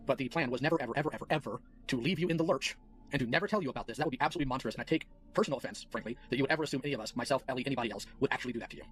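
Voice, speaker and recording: A man in a recorded conversation, questioning someone in a measured, formal and pointed way. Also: medium pitch, soft background music.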